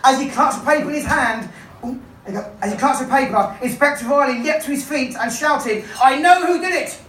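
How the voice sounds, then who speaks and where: A woman's voice: high-pitched, a little fast, fairly bright tone, a little hiss or hum. A woman magician and comedian telling a comic story to a live audience, playful and coaxing a volunteer along. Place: comedy club stage. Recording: echoey room, voice from far off.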